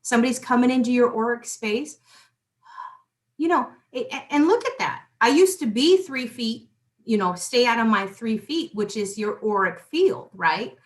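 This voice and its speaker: A woman's voice: on the high side, normal speed. A middle-aged woman hosting a spiritual talk show. She chats casually and with animation, restarting sentences and throwing asides to her listeners. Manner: chatty and animated, with lots of restarts and asides to the audience. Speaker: host.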